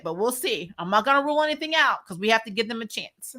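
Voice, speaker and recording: A woman hosting a casual live stream, chatting and answering viewer comments, with frequent laughs and quick asides. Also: on the high side, very animated, sharp tone. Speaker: YouTube host discussing a TV series.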